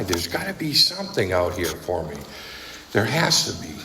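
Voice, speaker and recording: A man's voice: low voice, very animated, normal speed, sharp tone. A man speaking at a recovery meeting, telling his story bluntly and conversationally, often checking in with "right?" and "okay?". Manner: conversational storytelling, frequent tag questions, blunt. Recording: echoey hall with faint noise.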